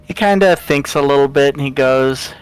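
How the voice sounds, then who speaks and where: A man's voice: medium pitch, normal speed, smooth, no room sound, low-quality recording. A man playing a tabletop game, describing and voicing his character in a hesitant, chuckling way. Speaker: player. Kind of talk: tabletop role-play, in character.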